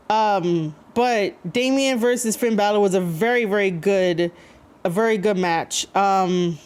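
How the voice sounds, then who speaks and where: Her voice is medium-pitched, clear, and resonant with a darkish tone, and she takes her time. Reacting to wrestling on a live stream, she rambles to her viewers with lots of fillers and reads their chat messages out loud.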